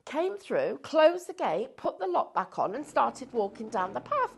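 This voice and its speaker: Brief: woman, TV shopping presenter, gravelly husky voice, animated storyteller. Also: fairly high pitch, a little slow. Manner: animated, laughs through the story. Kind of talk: casual storytelling chat.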